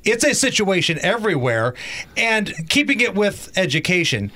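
A male talk radio co-host with a high voice for a man and a bright, sharp tone. He pushes back with wry, disbelieving questions. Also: big pitch swings, normal speed.

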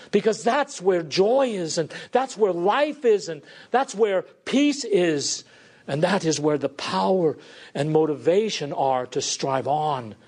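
A man preaching a sermon with fervor, rising to pleading questions and dropping low and quiet to drive points home. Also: breathy edge.

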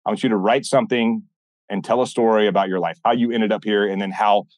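A man guesting on a podcast, telling stories in a blunt, animated way and acting out what people said. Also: lowish voice, quick pace, no room sound. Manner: animated, blunt, swears often, acts out quoted dialogue. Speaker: podcast guest, former military instructor. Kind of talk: casual interview storytelling.

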